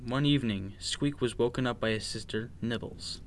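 A man reading a children's picture book aloud in an expressive, playful, sing-song way. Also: mid-range voice, normal speed, slight background noise. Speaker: storyteller.

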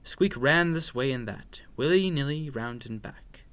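A man reading a children's bedtime story aloud with expressive, sing-song narration. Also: mid-range voice, unhurried.

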